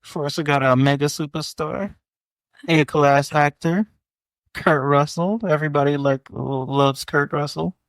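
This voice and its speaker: A man in his forties, co-hosting a podcast with dry, reluctant, deadpan answers. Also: on the high side, unhurried, no echo. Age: 40s. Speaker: podcast co-host. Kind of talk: casual chat.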